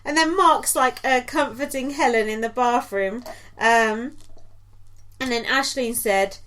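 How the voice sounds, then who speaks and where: Woman podcast co-host, highish voice, rambly, giggly, filler-heavy recap. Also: measured pace, fairly bright tone. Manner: chatty, lots of ums and likes, giggly asides. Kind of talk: casual recap chat.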